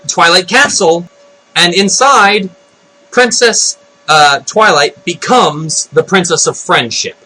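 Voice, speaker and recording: A man giving an unscripted, excitable rant about a cartoon episode, retelling it with loud exclamations. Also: sits high, a little hiss or hum, rough recording. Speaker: video blogger. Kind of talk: unscripted ranting commentary.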